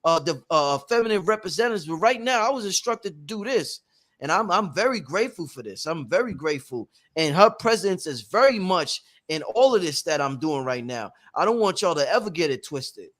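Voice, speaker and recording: Hosting a spiritual workshop, a man speaks briskly in a high-sitting, animated voice with a fairly bright tone. He talks bluntly and emphatically, swearing often and repeating his points.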